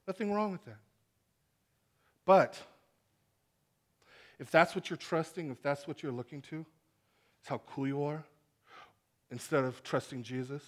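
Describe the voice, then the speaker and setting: A man preaching a sermon to a congregation, animated and acting out the voices in his stories. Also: on the high side, unhurried, long pauses. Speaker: pastor. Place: church hall with congregation.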